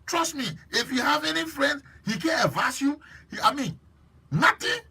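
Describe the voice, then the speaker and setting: A man with a Liberian English accent hosting a live stream, chatting lively and preachy while teasing viewers by name. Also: very high-pitched, moderate pace, vocal fry. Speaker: host.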